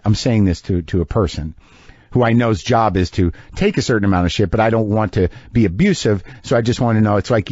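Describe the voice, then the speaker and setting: A man's voice: on the low side, brisk, darkish tone, dry recording, muffled recording. A middle-aged man telling a sardonic, exasperated comic story as a podcast host. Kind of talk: comedic monologue rant.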